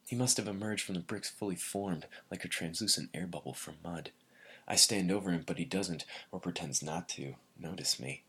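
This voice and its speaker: A man reading a first-person literary story in a measured way, often sinking to a breathy near-whisper. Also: sits low, a bit bright. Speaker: narrator.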